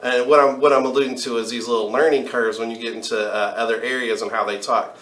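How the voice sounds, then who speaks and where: A man with a mid-pitched voice, co-hosting a podcast and telling a story with lively energy. He keeps it casual and chatty. His voice rings a little in an echoey room. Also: quick pace. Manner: animated storyteller, jumps into high voices for quotes. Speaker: podcast co-host. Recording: roomy room sound.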